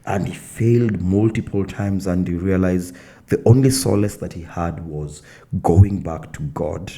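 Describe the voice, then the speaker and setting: Man, very deep voice, slow, reflective, casual podcast co-host. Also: warm tone. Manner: reflective, measured, many affirming murmurs. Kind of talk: casual faith chat.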